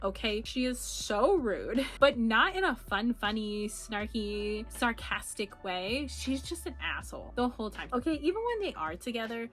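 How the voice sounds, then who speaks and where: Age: not given. Sex: woman. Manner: animated, profane, ranting. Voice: fairly high. Behind: faint music. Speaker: book reviewer. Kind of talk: casual reading wrap-up chat.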